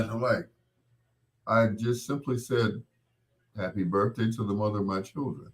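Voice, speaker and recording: A man's voice: on the low side, normal speed. A man hosting his show, telling a casual story, laughing as he acts out the people he quotes. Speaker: host.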